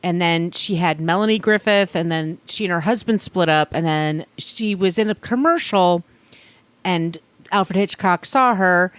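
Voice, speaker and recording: A woman's voice: lowish voice, measured pace, smooth, no echo. A woman co-hosting a podcast in casual chat, telling stories chattily with frequent laughs and fillers. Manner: chatty storytelling, laughs often, filler-laden. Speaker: podcast co-host.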